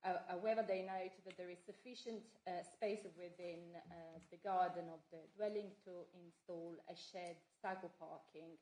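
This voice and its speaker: Woman, planning officer, lowish voice, hesitant with many fillers, echoey council chamber. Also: fairly even intonation, normal speed, hardly any pauses, warm tone, slight background noise. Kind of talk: presenting a report to committee.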